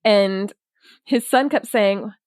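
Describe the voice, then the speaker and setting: A woman's voice: mid-range voice, slow pace, a little mellow, smooth, dry recording, studio quality. A woman hosting a podcast interview, chatty and storytelling, laughing often. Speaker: podcast host.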